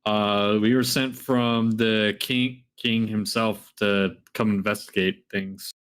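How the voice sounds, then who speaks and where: A man's voice: lowish voice, steady tone, slow pace, a bit bright, clean tone. A man playing a tabletop game online, eagerly asking questions about the rules and sometimes speaking as his character. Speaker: player.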